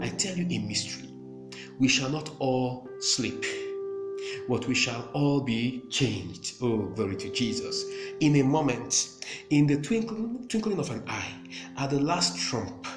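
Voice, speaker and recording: A man preaching a sermon with emphasis, repeating phrases and breaking into praise. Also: medium pitch. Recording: echoey room with music behind.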